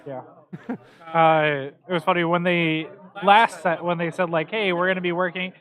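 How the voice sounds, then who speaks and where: A man's voice: high-pitched, fairly even intonation, normal speed, a bit bright, low-quality recording. A man co-commentating a card game tournament live, casual and eager.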